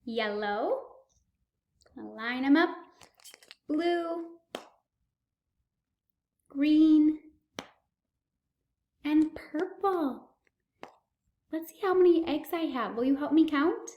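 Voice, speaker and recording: A young woman leads a children's speech therapy lesson with a high, bright voice. She speaks very slowly, drawing out each word with exaggerated, excited gasps. The sound bounces around an echoey room. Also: highs cut off.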